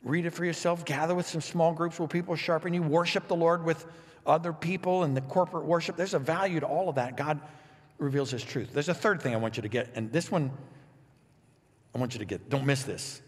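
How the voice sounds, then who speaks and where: A man preaching a sermon as pastor, animated and playful, reading scripture with lively asides. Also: fairly high pitch, brisk, big-room sound.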